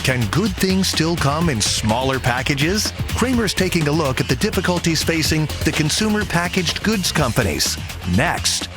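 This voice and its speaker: A man announcing a sponsor and a coming segment in a smooth, measured scripted read. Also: on the high side, very animated, music in the background.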